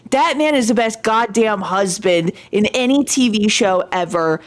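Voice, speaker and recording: Animated swearing woman telling stories. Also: medium pitch, unhurried. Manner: animated, swears freely, excited storytelling. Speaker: stream host. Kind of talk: casual chat while dyeing hair.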